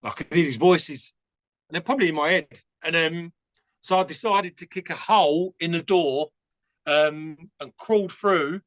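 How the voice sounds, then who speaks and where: A man's voice: a little high, normal speed, a bit bright, no room sound, lo-fi sound. A man from England with an Essex accent, a podcast guest telling stories in a rambling, frank way with many fillers. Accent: Essex English. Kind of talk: casual storytelling.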